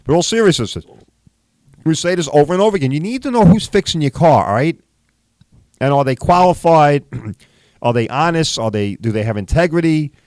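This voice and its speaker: A man's voice: a little high, expressive, a little fast, darkish tone, no room sound. A middle-aged man who hosts a podcast and tells a story in a profane, emphatic rant, often asking "right?". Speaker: podcast host, body shop owner.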